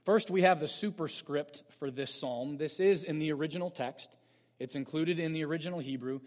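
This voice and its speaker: A man with a notably high voice preaches a sermon in an earnest, explanatory manner, pushing up with emphasis on key points. His voice carries a long reverb tail from a church sanctuary. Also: brisk, a little mellow. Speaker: pastor.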